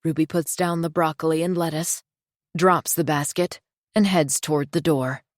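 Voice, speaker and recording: A woman reading a thriller audiobook in a tense, measured storytelling voice. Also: deep voice, fairly even intonation, no echo, studio quality. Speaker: audiobook narrator. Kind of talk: scripted thriller narration.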